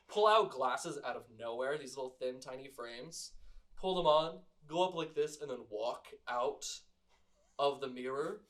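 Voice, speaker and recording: An animated game master narrates a homebrew tabletop session, laughing often and tripping over fillers as he goes. His voice sits a bit high for a man and carries a bright, forceful edge.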